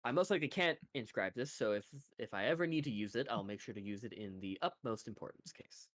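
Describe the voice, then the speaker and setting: A man's voice: fairly low pitch, quick pace, voice pushed down, natural voice. A man voicing a timid, polite young ex-butler who mumbles and hesitates. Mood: sheepish. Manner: soft, hesitant, lots of ums.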